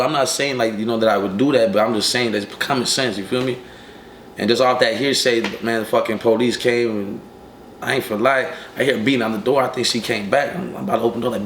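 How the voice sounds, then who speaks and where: A man's voice: medium pitch, fairly even intonation, fairly bright tone. A young man in his early twenties, an interview guest who tells his story in casual street slang, cursing often and filling it with "you know what I'm saying.". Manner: streetwise, profane, rapid storytelling with many fillers. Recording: echoey room with faint ambient noise.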